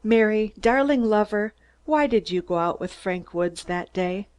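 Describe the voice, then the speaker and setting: A woman reading as a lovestruck male lawyer with a short temper, shouting his side of a quarrel. The voice carries plenty of force, and the words keep tumbling out in a storybook telling. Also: medium pitch, expressive, a little slow, close to an everyday voice. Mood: tender. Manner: raises voice to shouting. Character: male lawyer narrator in love, hot-tempered.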